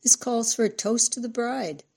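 Woman reader voicing a calm husband who smooths things over; mellow, husky. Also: fairly high pitch, normal speed, voice pushed up. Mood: gentle. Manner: reasoning, placating, sighing. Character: middle-aged husband, patient and placating.

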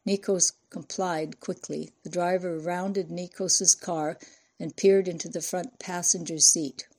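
A woman's voice: on the low side, steady tone, darkish tone. Woman narrating a thriller audiobook. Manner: measured, storytelling. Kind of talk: scripted narration.

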